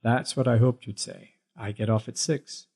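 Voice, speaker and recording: A steady, deep-voiced police inspector, calm and protective with a dry, teasing edge, as a male narrator plays him. The tone is warm and mellow, read at an even middle pitch for an audiobook. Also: normal speed, slightly rough.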